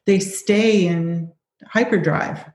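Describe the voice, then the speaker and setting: Woman, podcast host, affirming, low voice, roomy echo. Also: slow, a little mellow. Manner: agreeable, affirming interviewer. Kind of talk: conversational podcast interview. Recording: roomy with faint background noise.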